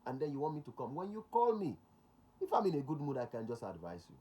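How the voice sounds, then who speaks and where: Nigerian male host, mid-pitched voice, drives points home with repetition and Pidgin asides. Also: wildly swooping pitch, fast talker, dark tone. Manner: emphatic, repeats key points, slips into Pidgin. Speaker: security relations consultant, show host. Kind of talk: talk show monologue.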